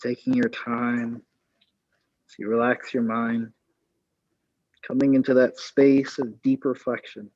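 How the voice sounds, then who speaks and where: A man guiding a yoga class through postures and breathing, with calm, slow spoken cues and spiritual phrasing. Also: mid-range voice, no echo, muffled recording. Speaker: yoga instructor. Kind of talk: guided yoga class instruction.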